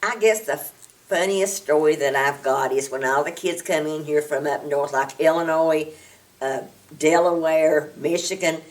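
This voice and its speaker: A woman's voice: deep voice, a little slow, distant mic. A woman with an Appalachian Southern accent, telling a funny story in an interview in a chatty, amused way.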